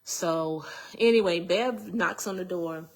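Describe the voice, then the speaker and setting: A middle-aged woman telling an emotional personal testimony in an earnest, halting way, repeating phrases as she goes. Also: lowish voice, slightly rough. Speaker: speaker giving a personal testimony.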